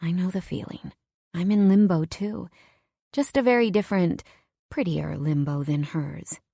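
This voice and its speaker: A woman narrating a first-person romance audiobook in an expressive, measured way. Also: fairly low pitch, gravelly, breathy edge, no echo, clean studio sound.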